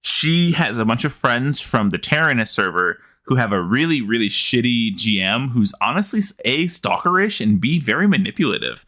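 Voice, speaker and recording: Animated, bright-voiced man chatting. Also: mid-range voice, moderate pace, few pauses. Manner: excitable, gasps and laughs often. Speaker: podcast co-host. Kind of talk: casual gaming chat. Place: home, sitting beside co-host.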